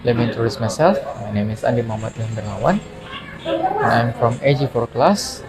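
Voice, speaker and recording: A young man with an Indonesian accent, a student giving a recorded class presentation and reading slowly and carefully with pauses between phrases. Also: medium pitch, sing-song, over music, low-quality recording. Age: young adult.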